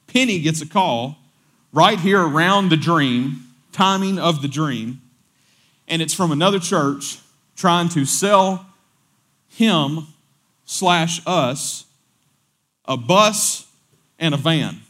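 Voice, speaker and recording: A man, a pastor telling a story during a sermon in a conversational way, often repeating words and quoting people in animated voices. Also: fairly high pitch, takes it slowly, pauses often.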